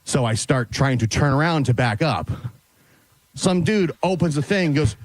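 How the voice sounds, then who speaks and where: A man on a radio show, excitedly retelling a run-in, a bit out of breath. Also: mid-range voice, moderate pace, no room sound. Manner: excited, retells a confrontation with lively quoted voices. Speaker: show regular. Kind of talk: animated storytelling on a radio show.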